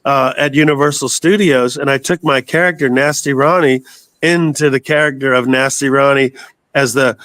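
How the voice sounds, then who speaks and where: A man's voice: medium pitch, fairly even intonation, normal speed, fairly bright tone, dry recording. A man in his sixties from the United States, a guest telling long rambling stories in a casual interview and swearing freely. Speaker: guest, metal singer.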